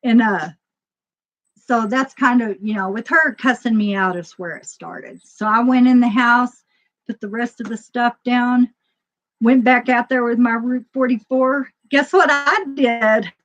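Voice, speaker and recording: A woman telling a personal story to a live audience in a casual, emotional way, laughing often and swinging between loud and quiet. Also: on the high side, measured pace. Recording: dull lo-fi sound.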